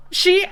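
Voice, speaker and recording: A woman's voice: very high voice, dry recording. A woman giving casual commentary while playing a video game, often breaking into long laughing fits. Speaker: gaming streamer.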